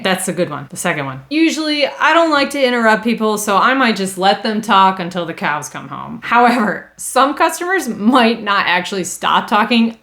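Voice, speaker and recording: A woman's voice: mid-range voice, lively intonation, normal speed, few pauses, fairly bright tone. A woman training customer service staff, upbeat and emphatic, acting out sample phone greetings. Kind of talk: instructional talk to camera.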